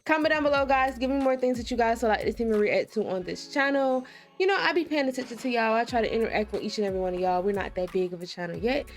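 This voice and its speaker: A woman's voice: fairly high pitch, fast, soft background music. A woman hosting a reaction video, chatting casually to her viewers and calling them y'all.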